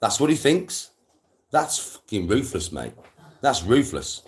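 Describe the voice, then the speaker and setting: Low-voiced man. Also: sing-song, measured pace. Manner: swears freely, rambling storytelling with slang. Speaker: streamer. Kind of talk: casual live-stream chat.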